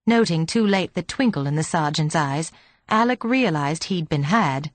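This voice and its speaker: Low-voiced woman reading an audiobook. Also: animated, normal speed, no echo. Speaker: audiobook narrator. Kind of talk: scripted narration.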